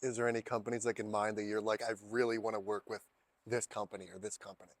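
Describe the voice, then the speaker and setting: A man's voice: fairly low pitch, flat delivery, quick pace, no echo. A man hosting an interview, asking questions and giving short encouraging replies. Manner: encouraging, brief affirmations. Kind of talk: casual interview.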